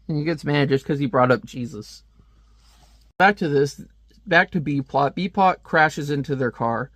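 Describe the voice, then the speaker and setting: A man's voice: on the high side, unhurried, a bit bright, no echo, studio quality. A man giving casual, joking commentary while reviewing a comic book page by page. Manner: chatty, joking asides.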